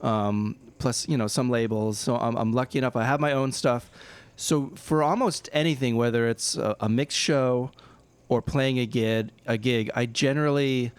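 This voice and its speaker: A man, a DJ guest on a podcast, talking in a relaxed, rambling, self-deprecating way. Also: mid-range voice, moderate pace, clear, resonant tone, dry recording. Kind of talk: casual podcast chat.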